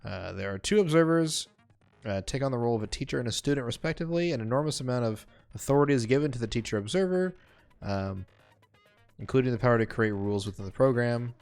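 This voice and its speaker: A man's voice: medium pitch, expressive, fast talker, gravelly, darkish tone, clear, resonant tone, faint music behind. A man streaming a game live, reading the game's text aloud and chatting casually between lines with lots of fillers. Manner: casual, rambling, many fillers.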